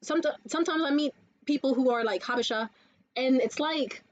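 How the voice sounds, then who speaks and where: High-voiced woman, profane vlog storyteller. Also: fairly quick, muffled recording. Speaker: vlogger. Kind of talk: casual life-update vlog. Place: indoors in a room.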